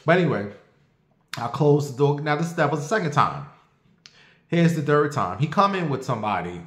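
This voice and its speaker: Animated, profane man telling a story. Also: on the high side, moderate pace, roomy sound. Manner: animated, profane, addresses viewers directly. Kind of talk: casual storytime monologue.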